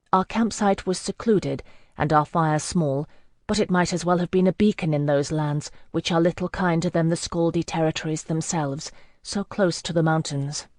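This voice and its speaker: An audiobook narrator reading a first-person fantasy novel in a steady, measured way. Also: medium pitch, no room sound, studio quality.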